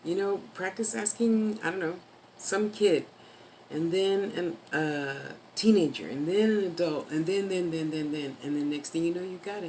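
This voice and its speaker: A woman talking casually to camera with life advice, rambling and chatty, now and then slowing down for emphasis. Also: on the low side, dark tone, a little hiss or hum, poor audio. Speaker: vlogger giving life advice.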